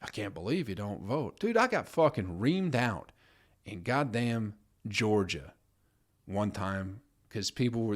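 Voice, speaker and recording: Profane ranting podcast host, a man. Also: lowish voice. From United States. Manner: ranting, swearing, mocking impressions of others. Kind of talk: profane comedic rant.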